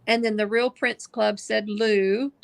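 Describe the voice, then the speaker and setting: A woman's voice: mid-range voice, flat delivery, unhurried, vocal fry, dry recording. A woman guest on a livestream talking through her phone in an easygoing, casual way and reading viewer comments aloud. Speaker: guest crafter.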